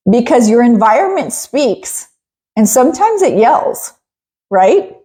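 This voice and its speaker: Animated, laughing middle-aged woman host. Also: high-pitched, takes it slowly, pauses often. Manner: animated and chatty, laughing often. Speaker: podcast host. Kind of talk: casual podcast monologue.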